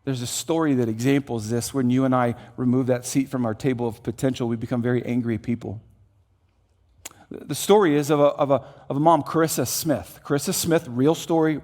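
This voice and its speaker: A male pastor giving a sermon in a church, telling a story in an animated way, moving from hushed to loud. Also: medium pitch. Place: church auditorium.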